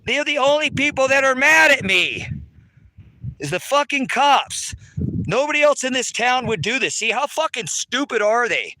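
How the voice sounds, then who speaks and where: Speaking in a very high, sharp voice with no echo, a man who runs an online ministry delivers an angry, profane rant to viewers outside on his rural land. He's heated, cursing and repetitive, captured on a handheld phone camera.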